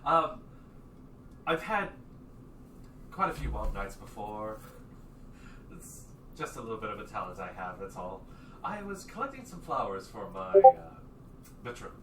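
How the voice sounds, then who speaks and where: A man's voice: mid-range voice, very animated, measured pace, creaky, long pauses. Man doing a pompous, vain doppelganger. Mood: smug. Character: smug doppelganger man, vain about his singing. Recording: roomy, distant mic with noise.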